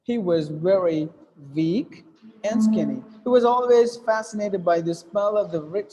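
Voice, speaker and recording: Male English teacher, high mellow voice, reverberant classroom; patient step-by-step explainer. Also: slight background noise. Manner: explains step by step, with fillers and repeated phrases. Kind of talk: classroom lesson on reading aloud. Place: classroom with students.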